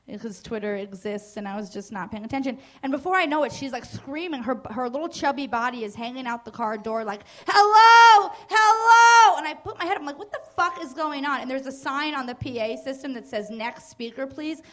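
A woman's voice: on the high side, quick pace, few pauses. A young woman from New Jersey doing a stand-up comedy set on a club stage, casual and crude, with hesitant fillers and self-mocking asides.

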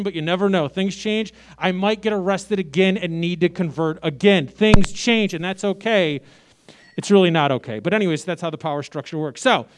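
Stand-up comic in his late thirties, from Chicago; high voice, brash sarcastic delivery that jumps between loud and quiet. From Chicago, USA. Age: 30s. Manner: brash, sarcastic, big swings in loudness. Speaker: stand-up comedian. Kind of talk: stand-up comedy set.

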